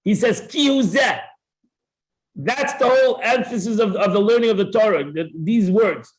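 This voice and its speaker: A man with a fairly high voice teaches a classroom Talmud lesson. He acts out the claims of both parties in an animated way and restarts his phrases often. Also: normal speed. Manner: repeats words and restarts often. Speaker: Torah teacher.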